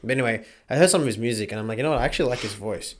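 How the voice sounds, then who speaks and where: A man's voice: mid-range voice, very fast, a little hiss or hum. A young Australian man co-hosting a comedy podcast, brash and swearing freely, laughing often. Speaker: podcast co-host. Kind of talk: casual comedy podcast banter.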